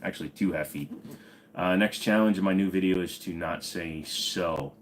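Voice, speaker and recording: A man's voice: low voice, moderate pace, slight background noise. A man hosting an unscripted live stream, chatting and joking casually, greeting viewers by name and rambling on. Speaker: livestream host of a gun channel.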